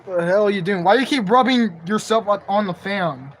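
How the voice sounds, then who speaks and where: A man's voice: sits high, fairly quick, slight background noise. A young man live streaming from home on his phone, chatting to his cat in slangy, profane speech. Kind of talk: casual live stream chat.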